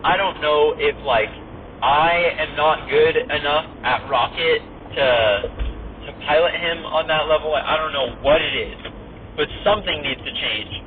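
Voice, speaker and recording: A man hosting a podcast, telling a story casually and animatedly, acting out his friends' shouts and leaning on "like" as a filler. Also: on the high side, measured pace, far from the mic. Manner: animated, acts out loud quotes of friends; heavy use of "like" fillers. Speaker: podcast host. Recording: tinny phone-like sound from off the mic, faint vehicle hum.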